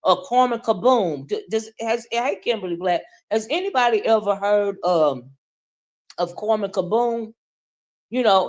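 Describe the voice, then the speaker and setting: Speaking at a normal speed in a slightly high voice with a darkish tone, this livestream host casually rants as she reads chat. She addresses her viewers directly, often tossing in "right?" or "okay?".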